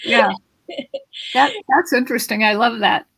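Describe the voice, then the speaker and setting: Woman, voice coach, animated, instructive, gravelly, morning frog in throat, video call. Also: on the high side, moderate pace, low-quality recording. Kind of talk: live video interview.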